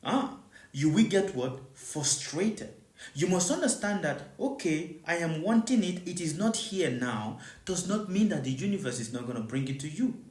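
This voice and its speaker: In a reverberant space, a spiritual teacher leads a live teaching in a medium-pitched, sing-song voice with a darkish tone at a moderate pace. The preaching is repetitive and emphatic, circling back to the same points and asking the listeners rhetorically, over and over, whether they understand.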